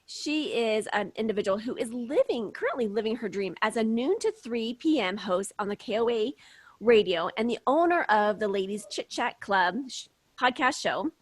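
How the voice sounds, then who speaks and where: A woman's voice: fairly high pitch, animated, moderate pace, no room sound. A woman from Kansas hosting an interview podcast, gushing and enthusiastic, laughing often. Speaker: podcast host. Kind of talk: upbeat interview.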